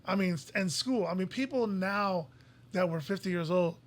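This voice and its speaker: A man co-hosting a podcast, telling stories in casual chat and often repeating words as he goes. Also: high-pitched. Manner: fast storytelling, restarts and repeats words. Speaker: podcast co-host.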